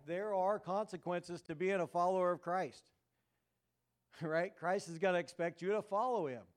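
Male pastor, relaxed conversational sermon style, clear and smooth. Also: high-pitched. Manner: conversational, joking, asks the crowd "right?". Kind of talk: casual sermon.

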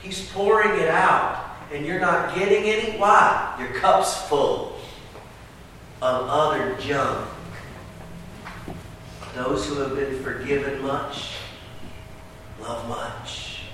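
A pastor preaching a sermon, swinging from loud emphatic outbursts to quiet, earnest talk. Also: male voice, a little high, slow, long pauses. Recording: echoey hall from far off with background noise.

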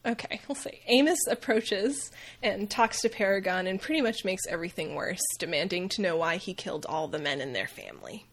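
A woman hosting a casual comedic book recap, wry and quick to laugh, tossing off quick voices for the characters. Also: lowish voice, expressive. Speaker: podcast host recapping a novel.

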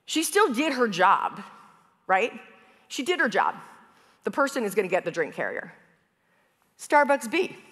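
A woman pastor preaches in a relaxed, chatty way. She tells everyday stories with casual fillers, and her fairly high voice carries a long reverb from a large church hall. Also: a little slow, long pauses, slightly rough. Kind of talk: conversational sermon.

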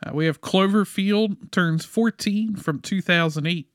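A man co-hosting a podcast in casual chat, reading off a list of films in a relaxed way and chuckling along. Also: high-pitched, measured pace, dry recording, studio quality. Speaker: podcast co-host.

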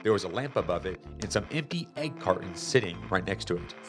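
A man reading a children's chapter book aloud in a lively, expressive storytelling manner. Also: low voice, fairly quick. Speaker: storybook reader. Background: music.

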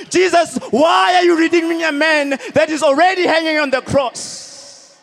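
A man preaching a sermon as pastor at a stadium service, emphatic and repetitive, rising to shouted peaks. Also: extremely high pitch, fairly even intonation, normal speed, creaky.

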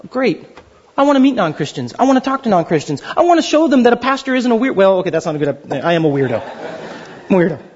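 A man's voice: high voice, very animated, quick pace, darkish tone, lo-fi sound. A man preaching a sermon as pastor, joking and acting out little dialogues.

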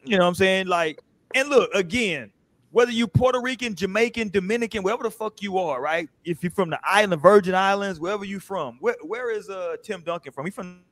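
An American man with a high voice hosts a casual panel podcast, speaking briskly with no echo. He tells animated stories, acting out plenty of quotes.

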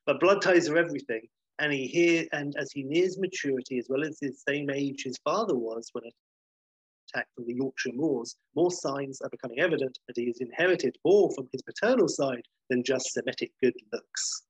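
Guy reading out his film pitch, rambly, swears a bit, husky voice, mid pitch. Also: normal speed, no echo, muffled recording. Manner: rambling, self-correcting, swears casually. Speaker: podcast host pitching a film idea. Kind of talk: casual storytelling, reading a script aloud.

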